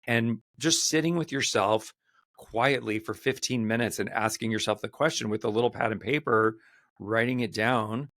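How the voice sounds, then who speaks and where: A man's voice: on the low side, normal speed, a bit bright, dry recording. Man hosting a podcast, dry close sound. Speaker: podcast host. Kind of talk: casual podcast chat.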